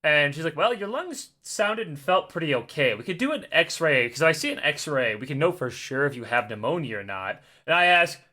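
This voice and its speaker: A man in his thirties telling a long story in casual podcast chat, swearing and laughing as he goes, his voice still hoarse and cracking. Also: a little high, sing-song, normal speed, hardly any pauses, pushed and bright. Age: 30s. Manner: rambling storyteller, laughs often, swears freely. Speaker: podcast co-host.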